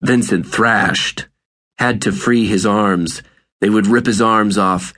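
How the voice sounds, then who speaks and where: A man narrating an audiobook in a measured, deliberate reading. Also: lowish voice, steady tone, a bit bright. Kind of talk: scripted narration.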